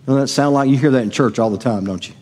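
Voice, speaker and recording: A man's voice: mid-range voice, fast talker, a little mellow. A middle-aged man preaching a sermon as pastor, conversational and asking the congregation questions. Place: church sanctuary. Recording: long hall reverb.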